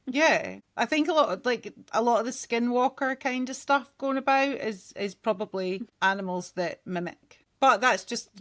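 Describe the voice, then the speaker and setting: Chatty higher-voiced woman podcaster. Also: animated, moderate pace, few pauses, fairly bright tone. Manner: chatty, goes off on tangents, laughs often. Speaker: podcast co-host, nail tech. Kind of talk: casual chat.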